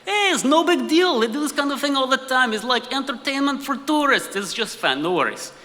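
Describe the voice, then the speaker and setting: Man doing a breezy, unbothered colleague, high-pitched. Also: expressive, fairly quick, sharp tone, long reverb tail, slight background noise, heavily acted.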